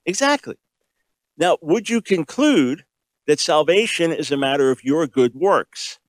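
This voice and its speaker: A man preaching a sermon, emphatic and repetitive, asking rhetorical questions and shifting between quick and slow delivery. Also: a little high, expressive, dry recording. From grew up in a Jewish home. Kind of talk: sermon teaching.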